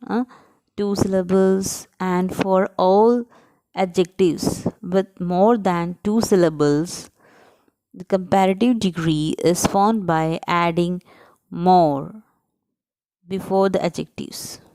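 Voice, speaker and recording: A woman's voice: on the low side, fairly even intonation, takes it slowly, mellow. A woman teacher explaining grammar to young students, working step by step, spelling out letters and breaking words into syllables, often checking with "right?". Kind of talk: grammar lesson for children.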